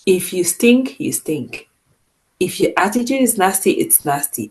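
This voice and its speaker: A woman's voice: fairly low pitch, measured pace, poor audio. Firm, emphatic woman podcaster. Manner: firm and emphatic, with lively swings in loudness. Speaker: podcast co-host. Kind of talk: casual podcast chat.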